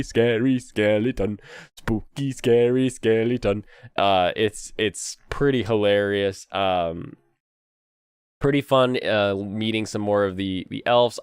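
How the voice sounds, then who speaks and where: A man's voice: on the low side, clear, resonant tone, dry recording, clean studio sound. A young man hosting a casual anime chat while sick, rambling with many fillers and frequent laughs. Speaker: host.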